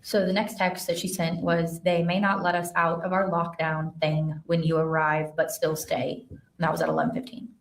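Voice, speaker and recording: A woman's voice: lowish voice, little pitch movement, normal speed. A woman investigator giving courtroom testimony, reading text messages aloud in a careful, matter-of-fact way with a few hesitant fillers. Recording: echoey courtroom sound from far off the mic.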